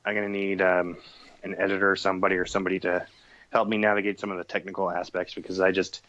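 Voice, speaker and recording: Low-ish guy rambling as a podcast guest, lots of ums, muffled lo-fi sound. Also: little pitch movement, quick pace, fairly bright tone, no room sound. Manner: chatty, with many fillers and laughs. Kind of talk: casual chat. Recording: dull lo-fi sound.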